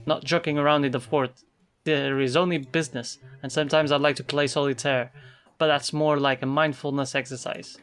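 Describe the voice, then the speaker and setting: Woman doing a gruff, paranoid office guy. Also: low-pitched, brisk, soft background music, lightly acted. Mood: boastful. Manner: gruff, boastful, deadpan. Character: stubborn, paranoid male office worker in a cubicle fort. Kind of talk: voicing game dialogue in a let's play.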